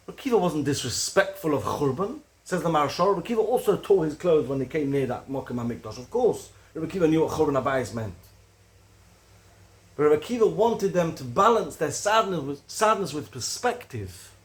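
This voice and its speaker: A man giving a recorded religious lecture, earnest and building to animated emphasis on key points. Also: fairly high pitch, fairly quick. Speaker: Torah teacher.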